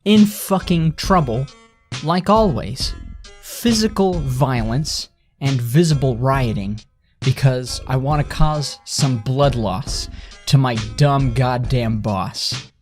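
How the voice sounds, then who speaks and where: A young man ranting in a bitter, sarcastic voice at a middle pitch, heavy with swearing. Faint music plays under him. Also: takes it slowly. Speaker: vlogger. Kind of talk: angry ranting monologue.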